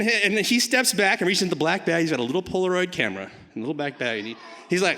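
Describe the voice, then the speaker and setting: A man telling a personal story on a live stage, animated and rambling with many fillers, swinging from hushed to shouting. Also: high voice, quick pace. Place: theater stage before a live audience. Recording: hall reverb from a live stage.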